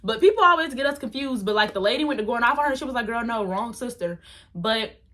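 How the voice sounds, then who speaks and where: Casting: young woman, bright and lively, dramatic storyteller with casual slang. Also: high voice, quick pace. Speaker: vlogger. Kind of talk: storytime vlog.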